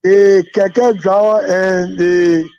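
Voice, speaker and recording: Gravelly Liberian caller on a phone. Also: male voice, sits high, fairly even intonation, extremely slow, mellow, no echo. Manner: jokey, laughs with the host. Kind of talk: joking phone-in chat. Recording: dull phone line.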